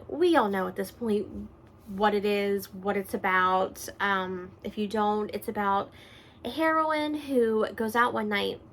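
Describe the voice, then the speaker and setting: This is a woman chatting through a casual book vlog from a room at home. She is animated and quick to laugh. Her voice jumps between loud exclaims and soft, half-whispered asides. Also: mid-range voice, slight background noise. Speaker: book reviewer host.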